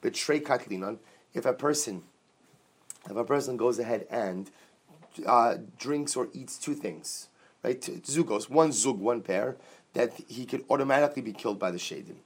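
A man leads a lively Talmud class. He reads short Aramaic phrases and explains each one in English with animated energy. Now and then he jokes with his students. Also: medium pitch, moderate pace, slightly rough. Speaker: Talmud teacher.

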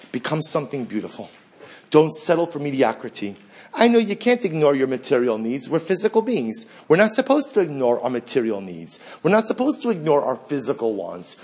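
A man's voice: fairly high pitch, a little mellow, husky. Male preacher, impassioned and repetitive, quoting Hebrew verses. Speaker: rabbi. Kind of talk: sermon.

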